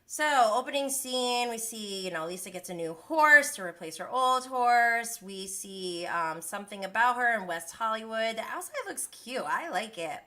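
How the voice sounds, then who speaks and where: A woman's voice: fairly high pitch, expressive, normal speed, hardly any pauses, pushed and bright. A young woman hosting a casual recap livestream, chatty and gossipy, who laughs often. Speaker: host of a reality TV recap livestream.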